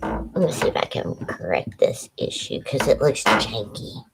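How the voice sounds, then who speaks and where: A woman's voice: extremely low pitch, huge pitch swings, measured pace, gravelly, music in the background, poor audio. A woman giving a spiritual tarot reading to a camera at home, chatting loosely and stopping to talk to her dogs. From Louisiana. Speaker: tarot reader and psychic. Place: home room with dogs nearby.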